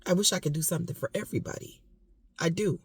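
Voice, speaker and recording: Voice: mid-range voice, fast talker, husky, dry recording. A vlogger giving impassioned casual commentary, emphatic and repetitive, with occasional coughing. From United States.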